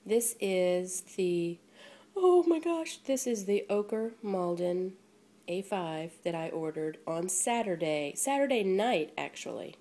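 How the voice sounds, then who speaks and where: A woman vlogging an unboxing on a handheld phone, gushing and gasping with breathless excitement. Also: lowish voice, a little slow. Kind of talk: casual unboxing chat. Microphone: phone held in hand.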